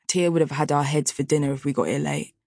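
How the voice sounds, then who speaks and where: A woman narrator voicing an aloof, disinterested young man in an audiobook, flat and offhand. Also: low-pitched, quick pace, creaky, no room sound, studio quality. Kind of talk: audiobook character voice.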